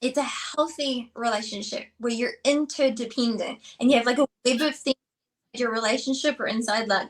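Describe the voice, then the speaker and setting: A woman co-hosting a relationship talk show, chatting casually with many fillers and acting out little quotes. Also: a little high. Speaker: co-host, relationship expert. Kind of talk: casual chat.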